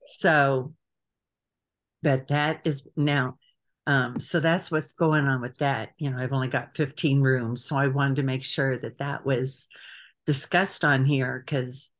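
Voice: mid-range voice, steady tone, slow. A trip organizer on a video call giving a casual meeting briefing, chatty and hesitant with frequent fillers.

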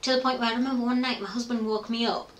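Racing along with fairly even intonation, a middle-aged woman with a fairly high-pitched voice gives a candid conversational interview. She reflects openly on her story, frequently voicing her past thoughts aloud. The recording has an echoey room sound and a little hiss or hum.

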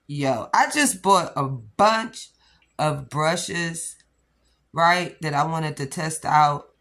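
A woman vlogging about nails, excitable and rambling, with sudden shouts before calming herself down. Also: low-pitched. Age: adult with a child. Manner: excitable, rambling, bursts into shouts then calms down. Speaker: nail vlogger. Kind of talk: excited casual vlog.

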